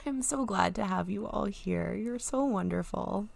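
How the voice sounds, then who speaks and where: A woman's voice: medium pitch, lively intonation, a little slow, gravelly, hardly any pauses, dry recording. A woman streamer chatting casually and emotionally to viewers, rambling and near tears. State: teary, near crying. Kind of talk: casual live-stream chat.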